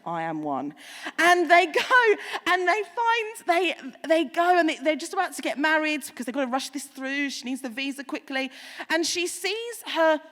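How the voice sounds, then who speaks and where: High-voiced woman preaching in a hall. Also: normal speed. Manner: chatty, animated storytelling with asides. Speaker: pastor. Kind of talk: sermon.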